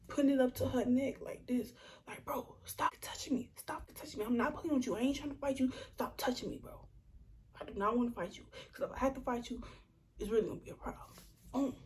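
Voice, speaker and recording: Young woman telling a storytime, higher voice. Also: slight background noise. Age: young adult. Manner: animated, acts out quotes, slips into whispers. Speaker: vlogger. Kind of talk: storytime vlog.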